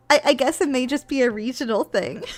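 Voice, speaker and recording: A woman from the American South, chatting casually as a stream guest, blunt and laughing often. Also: high voice. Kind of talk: casual chat.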